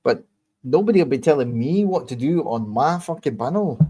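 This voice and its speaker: A man's voice: mid-range voice, lively intonation, mellow, husky. Blunt, combative man ranting to viewers. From England. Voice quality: blunt, swears often. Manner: slow, deliberate, repeats points. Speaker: host of his own online show. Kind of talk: casual monologue answering viewer comments.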